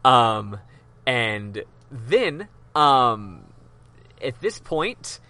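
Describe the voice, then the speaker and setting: A podcast host, a man with a bright, forceful voice and a middling pitch. He recaps a game's plot in casual chat, swearing freely and padding with ums. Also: big pitch swings, drawn-out words, dry recording. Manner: loose, profane storytelling with many ums.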